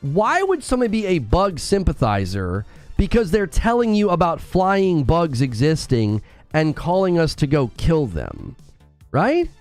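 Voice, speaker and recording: A gaming streamer jokes and teases his viewers in loose, casual live-stream talk. His voice sits a little high and swings widely in pitch. Soft music plays quietly underneath. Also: huge pitch swings, moderate pace. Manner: playful, teasing banter with chat.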